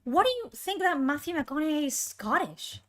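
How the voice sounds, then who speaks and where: A woman's voice: high voice, very animated, normal speed, fairly bright tone. A woman live streamer in casual chat, exasperated and swearing often.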